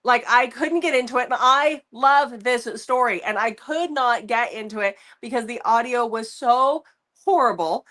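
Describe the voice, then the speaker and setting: A woman co-hosting a book review show, talking in an animated, rambling way and laughing often. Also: a little high, moderate pace. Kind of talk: casual chat.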